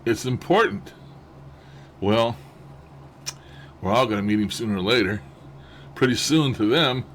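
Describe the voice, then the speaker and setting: A man's voice: mid-range voice, lively intonation, unhurried, a bit bright, a little hiss or hum. A man hosting a session, casually commenting and musing as he plays back recordings, chuckling to himself. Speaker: host reviewing spirit-box recordings. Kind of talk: casual commentary over playback.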